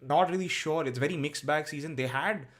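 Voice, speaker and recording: A man's voice: fairly high pitch, fairly quick, fairly bright tone. A man co-hosting a cricket podcast, talking casually with lots of fillers and restarts. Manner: hesitant, many fillers and restarts.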